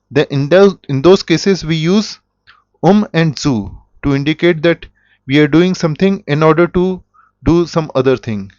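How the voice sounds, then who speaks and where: Slow-speaking man teaching. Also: on the high side, darkish tone, dry recording. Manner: slow, deliberate, with self-corrections. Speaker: German teacher. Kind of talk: explanatory language lesson. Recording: dull, dry lo-fi audio.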